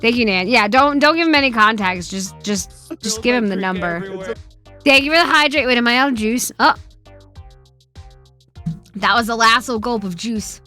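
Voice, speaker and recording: A woman streaming from home, chatting casually with her chat, swearing a lot and swinging between loud outbursts and quiet muttering. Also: a little high, moderate pace, pauses often, faint music behind.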